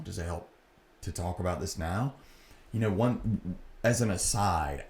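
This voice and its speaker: Very deep-voiced man telling a story. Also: gravelly. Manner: earnest, reflective, re-enacts dialogue. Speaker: podcast host. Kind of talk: personal storytelling monologue. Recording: echoey room with faint background noise.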